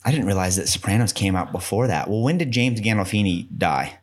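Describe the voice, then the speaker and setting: Man, very deep voice, easygoing casual chat. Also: lively intonation, brisk. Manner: easygoing, reads aloud from an article.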